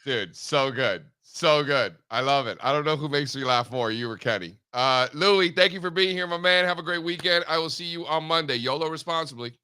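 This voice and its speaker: A man hosting a live market show, brash and animated, swearing casually as he chats. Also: a little high, a little fast, few pauses, clean tone. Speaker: host. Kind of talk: casual livestream chat.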